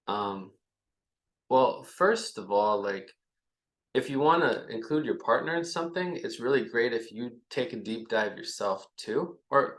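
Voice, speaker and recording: Appearing as a podcast guest, a man with a mid-range, fairly bright voice talks loosely and rambles in casual conversation. He acts out little bits of dialogue between himself and his partner, in an echoey room.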